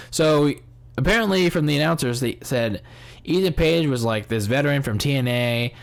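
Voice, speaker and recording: A man's voice: on the high side, expressive, normal speed, gravelly. A man hosting a casual podcast review, rambling with many restarts, swearing and laughing at his own jokes. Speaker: podcast host. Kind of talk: casual wrestling review chat.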